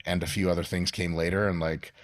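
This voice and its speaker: A man's voice: low-pitched, little pitch movement, quick pace, no room sound, clean studio sound. A man in his thirties, from Russia, chatting as a podcast guest in a profane, joking way and explaining things at length. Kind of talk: casual podcast chat.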